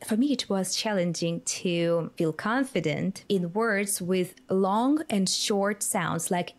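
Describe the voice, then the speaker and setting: Ukrainian-accented female co-host, fairly low voice, clear and instructive, native Ukrainian speaker. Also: slow pace, hardly any pauses. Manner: clear, instructive, addresses viewers as guys. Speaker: English pronunciation teacher. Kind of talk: co-hosted lesson, explaining.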